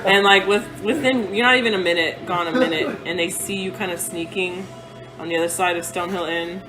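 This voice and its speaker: A woman narrating a tabletop game as game master, halting with fillers. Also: on the low side, steady tone, low-quality recording. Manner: halting, filler-heavy, laughing often. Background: background music.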